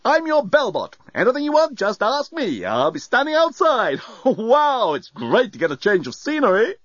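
A man's voice: very high voice, wildly swooping pitch, moderate pace, a bit bright, no echo, voice pushed up, exaggerated voice. A man voicing a brash, laid-back robot bellhop who talks in breezy slang and sulks when scolded. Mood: breezy cheeky. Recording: dull, muffled sound.

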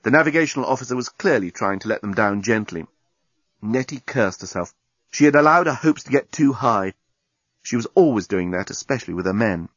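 Man reading a story aloud, husky, very up-and-down, lo-fi. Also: fairly low pitch, brisk, no echo. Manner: lively, expressive reading. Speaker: narrator. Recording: dull lo-fi recording.

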